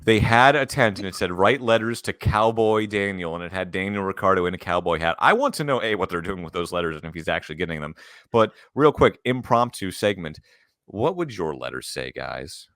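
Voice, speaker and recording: Deep, bright-toned man co-hosting a podcast. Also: sing-song, brisk, dry recording, clean studio sound. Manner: joking, runs segments. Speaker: podcast co-host. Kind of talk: casual sports podcast chat.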